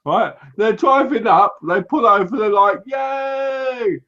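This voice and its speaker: A man co-hosting a movie review, retelling scenes in a lively way and often laughing. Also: high voice, normal speed. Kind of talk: casual chat. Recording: dull lo-fi home recording.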